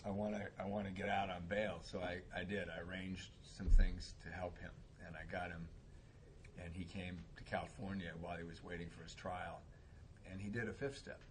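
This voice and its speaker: A man speaking at a recovery meeting, telling a personal story in a casual, animated way and laughing often. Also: low-pitched, moderate pace, slight background noise. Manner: animated, laughs often, acts out voices in quotes.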